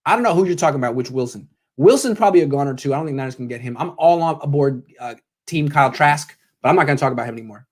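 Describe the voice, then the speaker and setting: A man's voice: medium pitch, animated, racing, a little mellow. A young man hosting a postgame live stream, joking sarcastically and answering donations, his voice cracking when he gets worked up. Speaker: sports show host.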